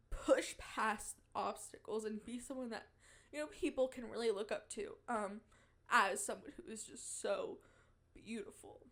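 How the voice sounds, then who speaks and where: A young woman hosting a podcast in casual chat, playful and giggly, bragging in a mock-dramatic way. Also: mid-range voice. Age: young adult. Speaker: podcast host.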